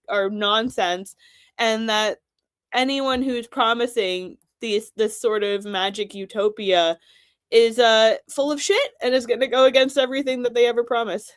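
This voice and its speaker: A woman's voice: on the high side, dry recording, clean studio sound. A woman hosting casual political commentary, blunt and sarcastic, swearing freely.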